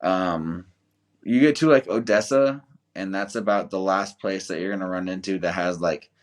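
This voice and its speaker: Brief: young American man, lowish voice, loose swearing storyteller, casual podcast guest. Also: moderate pace. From United States. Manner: profane, rambling storyteller, swears a lot. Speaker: guest, volunteer soldier.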